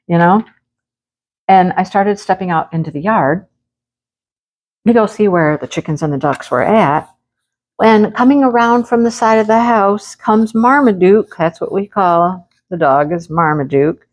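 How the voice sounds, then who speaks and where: A woman craft vlogger at her rural home, telling a lively anecdote in a casual chat, often laughing. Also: on the low side, moderate pace.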